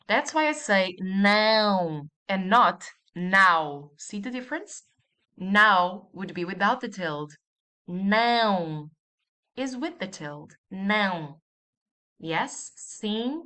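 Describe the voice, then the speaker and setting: Woman teacher for a recorded lesson: unhurried, animated intonation, patient and repetitive. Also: medium pitch. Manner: patient, repeats each example slowly. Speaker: language teacher.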